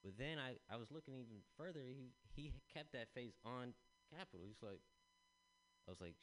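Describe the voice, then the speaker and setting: A man's voice: mid-range voice, normal speed, a little hiss or hum, rough recording. A man telling a rambling stand-up story, swearing and acting out the people he quotes. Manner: animated, swearing, acts out quotes. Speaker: stand-up comedian.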